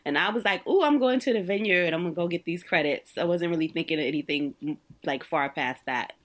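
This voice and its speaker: A woman's voice: on the low side, brisk. A young adult woman from Brooklyn with a New York accent, telling stories in a casual chat, laughing often and acting out quotes. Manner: animated storytelling with frequent laughter and voiced quotes.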